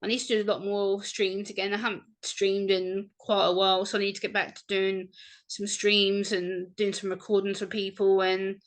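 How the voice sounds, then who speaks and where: A woman guest on a casual podcast, talking with warm, gushing enthusiasm. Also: medium pitch, flat delivery, moderate pace.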